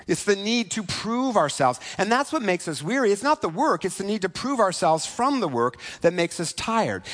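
A man preaching a sermon in a conversational way, often asking "right?" and slowing down for key points. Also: high-pitched, a bit bright. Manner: conversational, asks "right?" often, slows for emphasis. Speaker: pastor.

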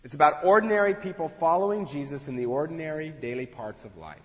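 Preaching in a chatty style, this pastor performs the voices of those he quotes. He speaks fast, slightly high, with lively intonation, and the recording comes from a long-echo hall with a dull sound.

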